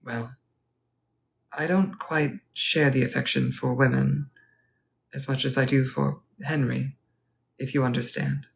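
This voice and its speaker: A man playing a polite, wistful Edwardian gentleman at a ball, speaking formally and courteously in a live role-play. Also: mid-range voice, flat delivery, a little slow, gravelly, long pauses, a little hiss or hum. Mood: genteel. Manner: formal, courteous, old-fashioned phrasing.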